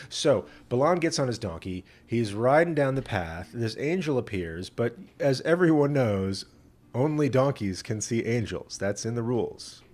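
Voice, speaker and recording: A man who is a rabbi retells scripture in a loose, joking, conversational way. He uses plenty of fillers and asides, and his voice sits at a middle pitch. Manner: humorous, conversational, many fillers.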